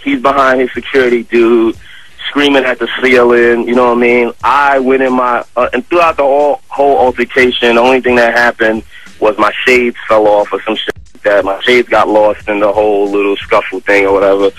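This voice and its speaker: Radio guest, New York man, animated storyteller, slangy, dry studio sound. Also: mid-range voice, fairly quick, no room sound, rough recording. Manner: animated, conversational, heavy with fillers and slang. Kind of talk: casual storytelling interview.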